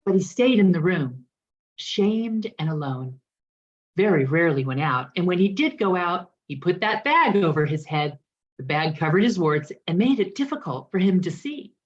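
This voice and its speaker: A woman minister telling a story as part of her sermon, in an expressive storytelling manner. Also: fairly low pitch, moderate pace. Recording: dull lo-fi recording.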